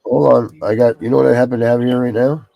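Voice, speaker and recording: A man's voice: medium pitch, steady tone, quick pace, creaky, mellow, no echo. A man hosting a casual livestream chat, talking in a rambling way with many fillers. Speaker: show host.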